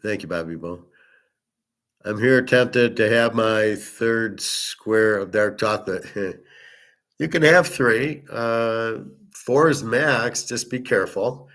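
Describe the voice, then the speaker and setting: A rather low-voiced man talks in a loose, rambling monologue. He is blunt and profane and wanders from one aside to the next, like a show host chatting off the cuff. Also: takes it slowly, fairly bright tone. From United States. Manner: blunt, profane, digressive storytelling. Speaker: sports betting podcast host.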